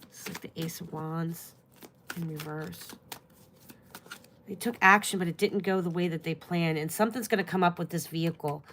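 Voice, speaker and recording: A woman's voice: lowish voice, moderate pace, fairly bright tone, a little hiss or hum. A woman giving a live-stream tarot reading, musing aloud and trailing off as she asks the cards questions. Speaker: tarot and astrology reader.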